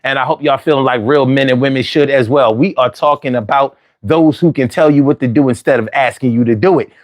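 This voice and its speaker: A man's voice: mid-range voice, fairly quick, dry recording. A man hosting a call-in talk show, talking with lots of repetition and street slang. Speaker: host.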